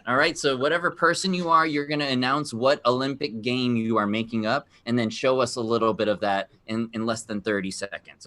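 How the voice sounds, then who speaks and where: A man's voice: medium pitch, bright, forceful tone. A man hosting a live virtual game show over a video call, upbeat and encouraging as he explains the rules.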